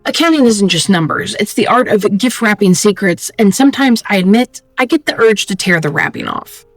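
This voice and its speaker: A woman's voice: medium pitch, expressive, brisk, soft background music. Woman putting on a sly male accountant, smug, teasing, menacing, video game.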